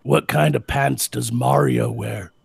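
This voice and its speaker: A man telling crude jokes deadpan in a group voice chat. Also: medium pitch, takes it slowly, creaky, a crowd in the background. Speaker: stream chat participant.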